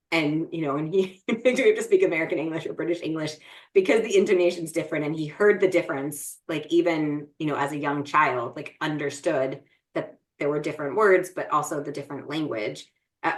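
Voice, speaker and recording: Low-voiced chatty woman. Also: fairly even intonation, a little fast. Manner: chatty, many fillers and restarts. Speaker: podcast co-host. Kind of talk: casual chat.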